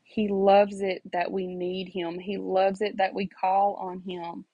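A woman's voice: mid-range voice, little pitch movement, slow pace, breathy edge, no room sound, dull audio. A mother earnestly telling her own story and preaching faith to listeners, repeating phrases for emphasis. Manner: preachy, addresses listeners directly. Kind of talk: personal testimony, faith encouragement.

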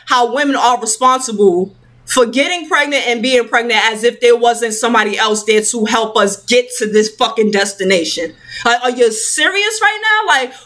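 Woman, mother, heated profane rant, slightly high voice, lots of "like", sweaty and worked up, casual vlog at home. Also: fairly bright tone. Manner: profane, fired-up, filler-heavy. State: hot and sweating.

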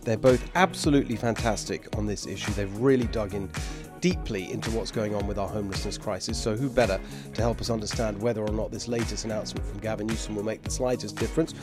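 A man's voice: on the low side, fast talker, music in the background. A man with an English accent hosting a political talk show, emphatic and sarcastic, with bursts of mockery and laughter.

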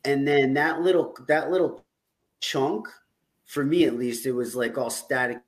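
An interviewer giving short backchannels and asking halting, restarting questions. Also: mid-range voice. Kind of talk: conversational interview.

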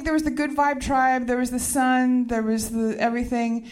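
A woman's voice: a little high, little pitch movement, moderate pace, darkish tone. A woman comedian on stage, telling a rambling, chatty story and laughing as she goes. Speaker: stand-up comedian. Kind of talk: stand-up storytelling. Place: stage before a live audience.

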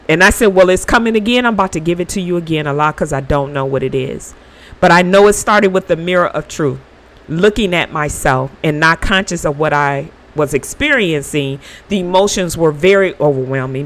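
A woman hosts her own podcast, sharing an earnest spiritual reflection. Her voice swings widely in pitch, moving from quiet, slowed phrases to animated bursts. She speaks informally and encourages her listeners through faith. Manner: earnest, emotional, with bursts of laughter. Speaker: podcast host.

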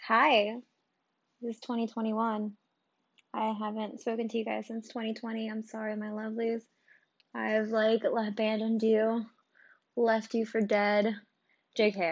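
A woman's voice: a little high, fairly even intonation, measured pace, vocal fry, no echo, lo-fi sound. A young woman in her twenties hosting her own podcast in a rambling, casual chat full of ums, likes and swearing, still recovering from covid, with a cough and short breath. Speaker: podcast host.

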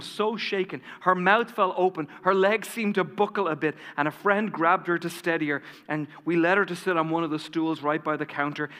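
A male pastor telling a story in a sermon, dramatic and dropping to a hush at key moments. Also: fairly high pitch. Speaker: lead pastor. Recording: reverberant church hall.

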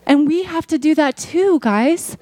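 Woman pastor, sermon, higher voice, dry close sound, casual delivery that builds to emphatic peaks. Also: unhurried, mellow, no echo. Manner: conversational preaching, rising to emphatic peaks.

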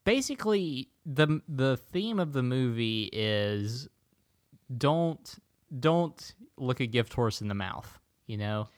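A man from Tennessee casually retelling a movie plot to a friend, rambling with fillers and quick quoted voices. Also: mid-range voice, animated, dry recording, clean studio sound. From Chattanooga, Tennessee.

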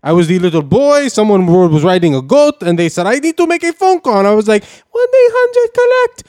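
A man's voice: sits high, wildly swooping pitch, brisk, a little mellow, dry recording, clean studio sound. A man voicing an overemotional foreign actor who is melodramatic and tearful. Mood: boastful. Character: overemotional foreign male actor with a vague accent. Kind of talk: improvised comedy podcast bit.

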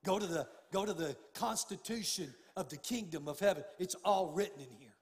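Impassioned older pastor in a reverberant church. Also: male voice, high voice, fairly quick, slight background noise. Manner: impassioned, swings from hushed to loud. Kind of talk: sermon. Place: church sanctuary.

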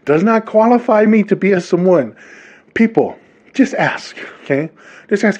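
Podcast host from Hawaii, thirties, slightly high voice, animated casual storytelling, dull lo-fi recording. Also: male voice, normal speed. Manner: animated, talks straight to listeners. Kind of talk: casual monologue.

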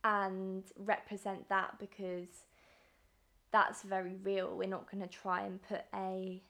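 A woman in her twenties from southern England chats on her own podcast at an unhurried, drawn-out pace. She talks loosely, trails off mid-thought and laughs often. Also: mid-range voice, monotone, vocal fry, a bit bright. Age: 20s. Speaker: podcast co-host. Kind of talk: casual chat.

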